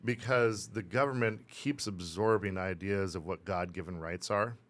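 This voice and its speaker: A man with a very low voice co-hosts a relaxed podcast conversation. He talks in long, rambling stretches and works his way round to a point as he argues the other side. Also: normal speed. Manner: rambling, playing devil's advocate. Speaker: podcast co-host. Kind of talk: casual podcast discussion.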